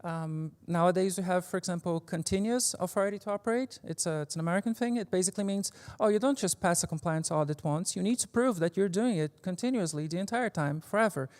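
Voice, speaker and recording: A woman with a fairly low voice gives a relaxed technical talk from a conference stage. She is informal and wry, drops in the odd curse word and fills her pauses with "um" and "like." Her voice carries a long reverb tail from the large hall around her. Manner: informal and joking, with frequent fillers and mild swearing. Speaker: conference speaker. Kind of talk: casual technical presentation.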